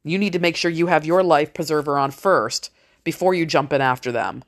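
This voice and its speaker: A woman's voice: deep voice, brisk. A middle-aged woman talking in a frank, rambling, motivational monologue, swearing freely as she speaks to her listeners. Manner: blunt, heavy swearing, frank. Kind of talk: casual monologue.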